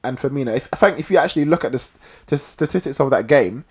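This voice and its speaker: A man hosting a casual sports podcast, arguing his point in an animated way. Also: mid-range voice, fast, slightly rough. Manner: animated, argumentative, insists on finishing his point. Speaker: podcast host.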